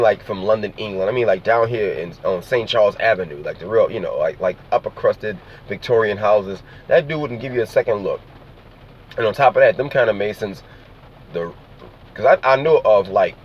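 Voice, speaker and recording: A man from New Orleans speaks in a fairly low voice, rambling loosely and swearing freely as he talks to his viewers. He keeps checking in with them as he goes. The sound is dull and lo-fi, with faint noise behind him inside a vehicle on a rainy day. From New Orleans, Louisiana. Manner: loose, profane, rambling, with frequent "you see what I'm saying". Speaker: vlogger. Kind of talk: casual monologue to camera.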